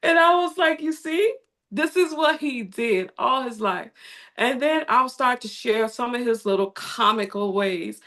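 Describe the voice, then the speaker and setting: A woman guest in an interview, telling her story in an animated way and acting out the people she quotes. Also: mid-range voice. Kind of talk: conversational storytelling.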